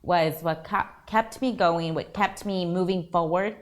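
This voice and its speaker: A woman hosting a talk show, sharing encouragement in an earnest, halting way. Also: lowish voice. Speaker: show host and foundation founder.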